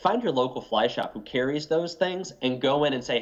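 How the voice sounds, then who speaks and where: A man's voice: mid-range voice, expressive, a little fast. Male guest on a dull lo-fi line. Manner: earnest, advising. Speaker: podcast guest. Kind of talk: casual interview talk.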